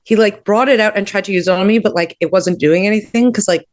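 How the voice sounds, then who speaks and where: A woman's voice: mid-range voice, fast talker. Candid laughing woman comedian. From Canada. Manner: candid, laughing, many fillers. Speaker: comedian guest. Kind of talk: casual comedic chat.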